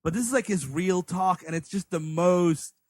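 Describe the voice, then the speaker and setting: Wry high-voiced man joking. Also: darkish tone, dry recording. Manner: wry, jokey, acts out scenes in quick voices. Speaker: podcast co-host. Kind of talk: casual comedy movie review chat.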